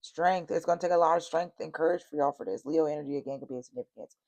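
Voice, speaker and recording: A woman's voice: low voice, rapid-fire, a little mellow. A woman giving a casual tarot reading, speaking bluntly and straight to her viewers, cursing freely and repeating her warnings. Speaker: tarot reader.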